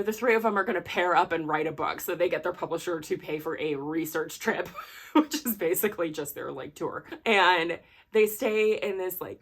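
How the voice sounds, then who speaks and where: A woman's voice: fairly low pitch, a bit bright. A woman host chatting through a casual book review, rambling with lots of "like" and "you know" and apologizing for herself along the way. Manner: self-deprecating and apologetic asides. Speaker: book vlogger.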